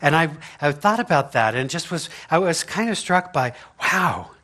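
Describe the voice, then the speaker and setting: Pastor, male, slightly higher voice, folksy humorous sermon delivery with frequent laughs and rhetorical "right?". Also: expressive, normal speed, bright, forceful tone. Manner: chatty and humorous, laughs often, asks "right?". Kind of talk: conversational sermon. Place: church sanctuary.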